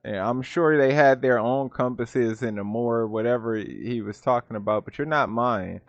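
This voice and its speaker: A man talks through a reaction video in loose, casual commentary, laughing often and sounding openly incredulous. His voice sits at a middle pitch. The recording is dull and lo-fi, with a very dry, close sound. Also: moderate pace, no echo.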